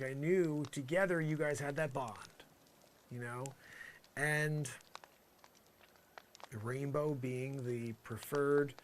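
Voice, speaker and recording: A man's voice: fairly high pitch, a bit bright, a little hiss or hum. A man doing an improvised comedy monologue in character, rambling and exasperated, full of "you know" asides.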